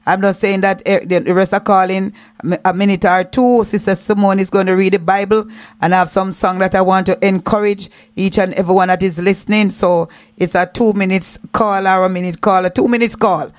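A woman's voice: medium pitch, steady tone, brisk. A woman hosting a church radio call-in, affectionate with callers, stammering and repeating her words.

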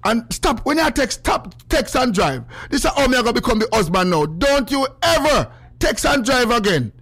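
A high-voiced man hosts a call-in radio chat. He teases and jokes with callers in a lively, animated way. His laughter breaks out loud and high. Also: normal speed, husky. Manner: animated, teasing, switches to loud laughing outbursts. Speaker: radio show host.

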